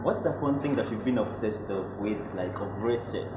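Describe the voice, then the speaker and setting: A man's voice: fairly low pitch, normal speed, very noisy. A man hosting an interview in a coffee shop, friendly and laughing. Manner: friendly, laughing, soft-spoken asides. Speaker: host. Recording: roomy with music behind.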